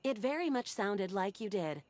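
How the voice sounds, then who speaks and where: A woman's voice: medium pitch, moderate pace, lightly acted. A woman voicing a polite, formal female AI voice assistant in a video game. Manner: calm, formal, scripted.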